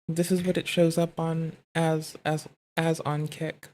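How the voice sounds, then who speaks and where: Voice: medium pitch, level tone, a little slow, darkish tone. Blunt co-host who keeps interjecting. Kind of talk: casual chat.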